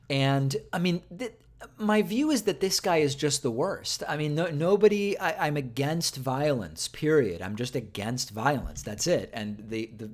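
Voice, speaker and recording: A man hosting a political show, chatting casually with viewers on a livestream and thinking aloud with fillers and restarts. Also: medium pitch.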